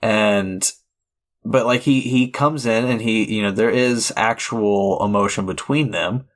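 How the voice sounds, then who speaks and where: A man with a fairly low voice and a measured pace co-hosts a podcast, casually discussing movies. His talk meanders, heavy on fillers and restarts.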